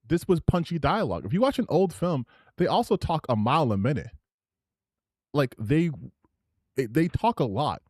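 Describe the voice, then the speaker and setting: Animated, rambling male streamer. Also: on the high side, moderate pace, pauses often, no room sound, studio quality. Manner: animated and rambling, with many restarts. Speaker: streamer host. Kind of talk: live reaction commentary.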